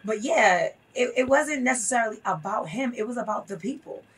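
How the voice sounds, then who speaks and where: A woman's voice: fairly high pitch, expressive, a little fast, breathy edge, distant mic. A woman guest telling a story in an interview, earnest and impassioned, repeating phrases for emphasis.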